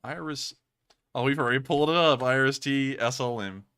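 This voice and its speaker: A man hosting a casual livestream, answering donations and reacting with excitable, rambling chatter full of fillers. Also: mid-range voice, a little fast, smooth.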